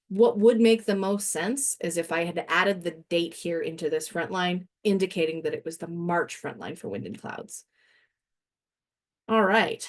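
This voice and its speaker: A woman trainer walking through a software demo in a webinar, chatty and self-deprecating, laughing now and then and a little winded. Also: on the low side.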